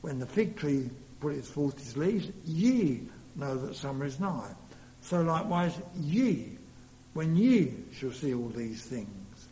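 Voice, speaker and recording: A man's voice: fairly high pitch, very animated, slow, warm tone. A man preaching a sermon earnestly, leaning hard on key words. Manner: earnest, rising to emphatic stresses. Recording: long reverb in a hall, faint hum.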